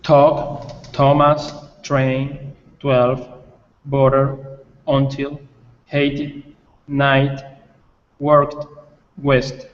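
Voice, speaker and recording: A man studying English reads words out one by one, extremely slowly and carefully. His voice has a long reverb. The sound is muffled, as over a video call. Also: medium pitch, completely flat delivery. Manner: slow, careful word-by-word reading. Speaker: English learner.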